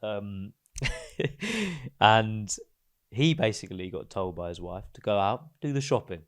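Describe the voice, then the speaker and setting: Man, lowish voice, podcast co-host, casual storytelling, laughs often. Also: takes it slowly. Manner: animated storyteller, laughs often, drops to low mutters.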